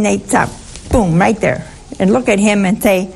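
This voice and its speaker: A woman's voice: mid-range voice, expressive, moderate pace, gravelly, a little hiss or hum. A woman giving an informal Bible teaching to a group, talking conversationally and often putting questions to her listeners.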